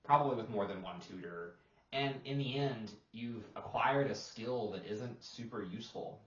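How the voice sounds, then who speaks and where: A man co-hosting a casual roundtable talk as an English teacher, rambling and relaxed with lots of fillers. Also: lowish voice, normal speed, reverberant, muffled recording. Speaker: English teacher and podcast co-host.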